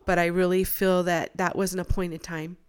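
Woman telling a faith story, lively. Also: lowish voice, moderate pace, clean tone. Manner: animated, acts out quoted voices. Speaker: guest sharing a testimony. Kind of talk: casual storytelling.

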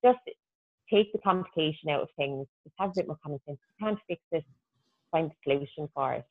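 A woman's voice: low voice, quick pace, no room sound. Woman, podcast guest, chatty and practical, over a thin phone line with a dry sound. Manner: chatty, practical, self-deprecating. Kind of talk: casual podcast chat.

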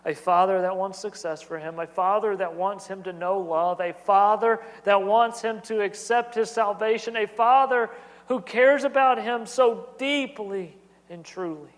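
An earnest man in his thirties delivers a sermon with a notably high voice. He preaches in a repetitive, building cadence, and his words ring out with a long reverb, as in a church sanctuary. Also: a little slow. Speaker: pastor.

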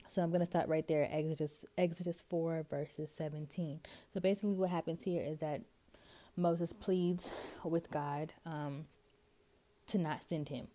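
Low-voiced woman chatting through scripture. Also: steady tone, measured pace, mellow. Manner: chatty, lots of fillers like "um" and "like". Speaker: podcast host. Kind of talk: casual scripture reading and commentary.

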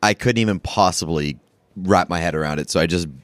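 A man co-hosting a casual comedy podcast, sarcastic and quick to laugh. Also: low voice, no room sound. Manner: sarcastic, laughs a lot, lively. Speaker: podcast co-host. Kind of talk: casual chat.

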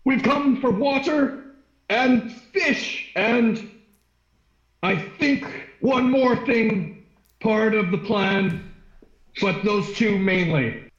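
A man doing a stiff, high-voiced formal adventurer. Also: drawn-out words, long pauses, fairly bright tone, reverberant, dull audio, full character voice.

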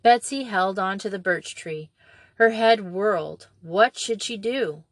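Slow, measured woman reading a storybook. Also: medium pitch, no echo. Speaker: audiobook narrator. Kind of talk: reading a children's novel aloud.

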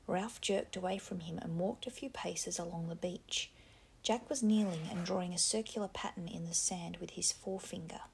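A woman narrating a novel in a soft, half-whispered reading voice. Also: on the low side, moderate pace, gravelly, a little hiss or hum. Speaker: audiobook narrator. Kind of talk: scripted narration.

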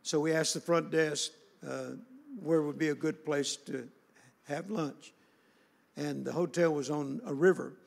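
A man's voice: a little high, steady tone, measured pace, creaky. A man preaching a sermon, telling a story in a folksy, conversational way. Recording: long hall reverb.

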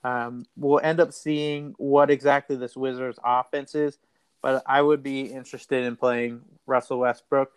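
A man's voice: medium pitch, flat delivery, measured pace, smooth, no room sound. A man hosting a casual fantasy basketball talk show, rambling and repeating words as he thinks. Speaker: fantasy basketball podcast host. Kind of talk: casual sports betting chat.

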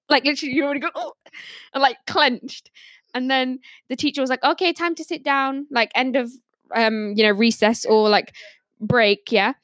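A woman's voice: on the high side, no room sound, clean studio sound. A young woman on a podcast panel, casually telling stories and laughing often as she talks. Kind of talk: casual storytelling.

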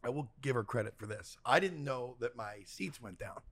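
A man who hosts the show, telling a story casually and reading an ad, animated and fond of swearing, acting out the quotes. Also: medium pitch, moderate pace, crowd noise.

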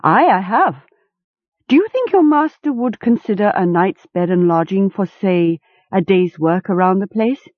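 A woman's voice: mid-range voice, lively intonation, unhurried, dry recording. A woman voicing a small, plucky but nervous young male wayfarer who speaks hastily, over a tinny line. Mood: hasty. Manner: hasty, eager. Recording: tinny phone-like sound.

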